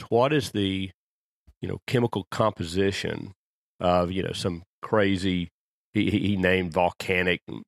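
Podcast guy with a real deep gravelly voice, rambles through long stories, dry close sound. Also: no echo. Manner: rambling storyteller. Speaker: podcast co-host. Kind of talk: casual chat.

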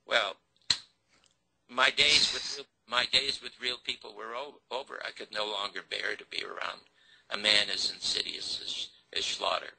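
A man's voice: fairly low pitch, little pitch movement, a little slow, vocal fry, pushed and bright, rough recording. An older man, a TV host and producer, tells a long story in an interview, acting out the quoted dialogue with feeling.

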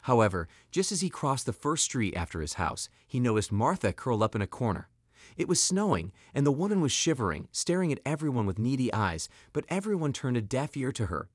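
A man's voice: medium pitch, big pitch swings, brisk, no room sound, clean studio sound. A man reading a scripted story as narrator.

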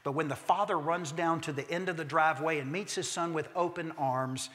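A man preaching a sermon in a church, an emphatic storyteller who slows down for key points and drops humorous asides. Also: on the high side, a bit bright. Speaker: pastor. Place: church sanctuary. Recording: long reverb of a church sanctuary.

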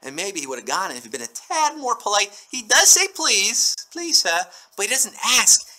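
A man's voice: high voice, huge pitch swings, fast, pushed and bright, poor audio. A man hosting a live trivia game show, reading questions and answers in a playful, punning way and breaking into bits of song. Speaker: quiz show host.

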